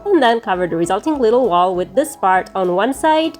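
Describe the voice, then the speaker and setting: Woman host, scripted how-to voice-over, mid pitch, friendly and methodical, faint music bed. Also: animated, brisk, darkish tone. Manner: friendly, clear step-by-step instructions. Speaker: crafting channel host.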